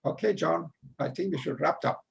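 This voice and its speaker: An older man from Persia with a heavy Persian accent, telling a long personal story in a halting way with many fillers. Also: fairly high pitch, gravelly, slightly rough, low-quality recording. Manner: halting, many uh fillers, animated when quoting. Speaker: guest storyteller. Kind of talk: casual spoken anecdote.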